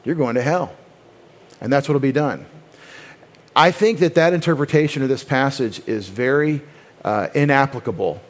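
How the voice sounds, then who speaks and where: A man's voice: medium pitch, normal speed, pauses often. Man teaching a doctrinal sermon. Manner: explanatory, with frequent restarts and quoted voices. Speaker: pastor.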